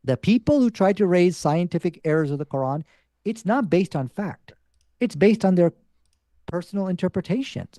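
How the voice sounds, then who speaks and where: A man's voice: on the high side, dark tone, dry recording, studio quality. A man arguing his side in a debate, insistent and assertive. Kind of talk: debate argument.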